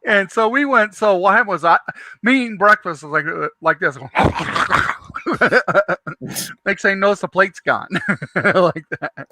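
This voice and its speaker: Male host, casual storyteller, high bright tone, dry room. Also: moderate pace, no echo. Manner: rambling, animated storyteller with many restarts.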